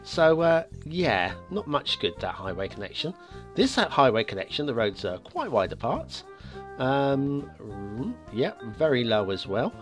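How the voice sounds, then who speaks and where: Male host, animated game-review patter, filler-heavy, faint music bed. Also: medium pitch. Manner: chatty, lively, with many filler pauses. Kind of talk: casual video game commentary. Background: faint background music.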